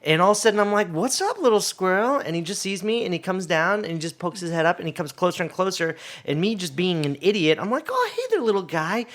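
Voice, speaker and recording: A man's voice: sits high, fast, hardly any pauses, fairly bright tone. A man co-hosting a podcast, telling animal stories in casual chat, laughing often and swearing casually. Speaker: podcast co-host.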